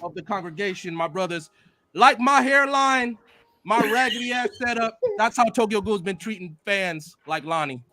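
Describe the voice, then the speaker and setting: A man putting on a preacher's voice for a mock eulogy, swelling loud and dropping soft in sermon cadence. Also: high voice, expressive, moderate pace, slight background noise. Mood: solemn. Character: adult male preacher delivering a mock eulogy. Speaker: podcast host.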